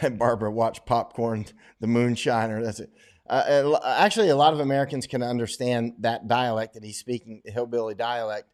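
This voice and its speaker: A man's voice: medium pitch, steady tone, a little fast, a little mellow. A middle-aged man hosting a casual livestream, reading out viewer questions and giving rambling, opinionated answers with frequent restarts.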